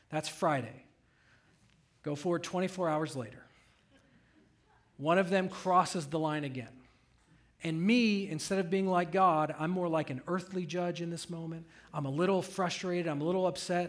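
A middle-aged man preaching a sermon, telling a family story with animated delivery that rises and falls. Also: on the high side, moderate pace. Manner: animated storytelling, voice rising when recounting raised voice. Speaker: pastor.

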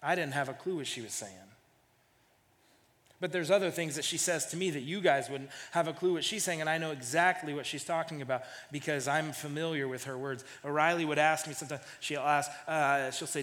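A man's voice: fairly high pitch, a little fast, a bit bright, big-room sound. A man in his thirties preaching a sermon in a casual storytelling way, often repeating the first words of a phrase. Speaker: pastor.

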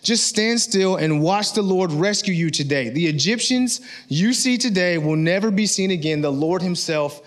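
A man voicing Moses as a calm, reassuring leader. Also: high voice, normal speed, few pauses.

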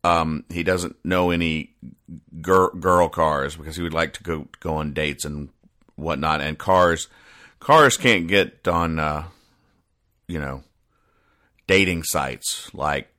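A man hosts a comedy show, reading comic strips aloud and rambling about them self-mockingly, with bursts of acted lines, in casual comedic commentary. His voice is low-pitched, pushed and bright.

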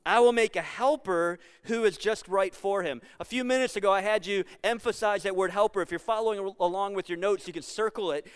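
High, smooth-voiced pastor preaching. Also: male voice, a little fast, few pauses. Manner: conversational and jokey, building to emphatic points. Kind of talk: sermon.

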